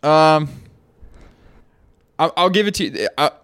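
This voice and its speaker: A man's voice: fairly high pitch, takes it slowly, fairly bright tone, smooth, dry recording, clean studio sound. A man hosting a casual podcast chat, talking hesitantly with many restarts. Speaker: podcast host.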